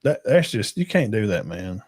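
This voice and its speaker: A man's voice: fairly low pitch, very animated, normal speed, a little mellow, husky. A man holds forth on a casual sports livestream. He rambles, circles back, and leans hard on his points while talking straight to his chat and guests. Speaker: podcast host.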